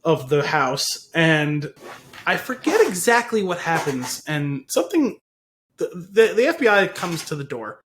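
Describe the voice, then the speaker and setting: Higher-pitched man telling a story. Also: big pitch swings, measured pace, a bit bright, a little hiss or hum. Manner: rambling retelling with frequent laughs. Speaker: podcast co-host. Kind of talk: casual chat.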